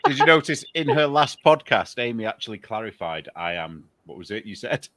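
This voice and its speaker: Brief: man co-host, bright, lively pitch, playful teasing. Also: brisk, dry recording. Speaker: podcast co-host, knitwear designer. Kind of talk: casual chat.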